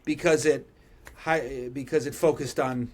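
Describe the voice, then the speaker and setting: A man's voice: medium pitch, fairly even intonation, moderate pace, a crowd in the background. A man co-hosting a podcast, chatting loosely about TV shows, swearing freely and trailing off mid-thought. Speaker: podcast co-host. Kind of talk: casual chat.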